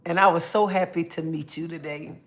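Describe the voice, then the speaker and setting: A woman's voice: on the low side, steady tone. Woman hosting a laid-back livestream chat. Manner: greets chat viewers by name, drawn-out friendly talk. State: feeling under the weather. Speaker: livestream host.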